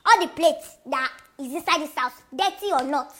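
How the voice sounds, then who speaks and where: A woman's voice: high-pitched, moderate pace. A woman with a Nigerian accent acting several family roles in a comedy skit, scolding and mixing in Yoruba and pidgin. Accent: Nigerian English. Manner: scolding, switches between characters, mixes Yoruba and pidgin. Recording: loud music bed under voice.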